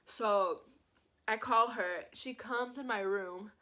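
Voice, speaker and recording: A young woman tells a storytime vlog in a loose, chatty way, leaning on "like" between phrases. Her voice sits a bit higher than most women's. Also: slow. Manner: animated, says "like" constantly. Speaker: vlogger.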